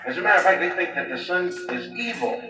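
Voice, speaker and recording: A man's voice: sits high, lively intonation, fast, music in the background. A man, a comedian, telling a rambling stand-up story full of "you know". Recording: distant, echoey, dull live recording.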